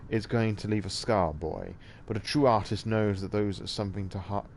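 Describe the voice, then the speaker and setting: A man voicing a calm, measured older vampire artist who mentors his new fledgling in a game. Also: fairly low pitch, gravelly, slight background noise. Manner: measured, calm, slightly formal.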